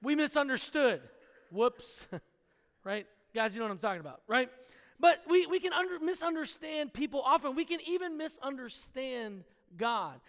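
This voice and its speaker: A male pastor from Pennsylvania with a very high voice, preaching a Sunday sermon and leading prayer. He tells stories in a lively way and keeps checking in with the congregation. His voice rings with a long reverb through a church hall. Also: normal speed, vocal fry. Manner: storytelling, lively, asks the congregation for agreement. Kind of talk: sermon with opening prayer and story. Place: church sanctuary.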